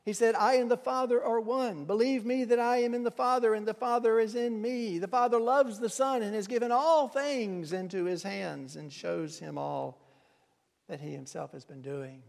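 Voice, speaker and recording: High-voiced preacher in an echoing hall. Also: male voice, steady tone, normal speed, vocal fry. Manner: impassioned, swings from hushed to loud crying out. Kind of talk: sermon. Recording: long reverb of a hall.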